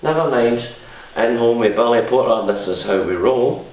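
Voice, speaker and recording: A man's voice: medium pitch, moderate pace, a little mellow. A Scottish man, a comedian and host, telling a long joke and bantering, acting out the characters he quotes. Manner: broad storytelling, mimics characters in quotes. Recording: roomy echo.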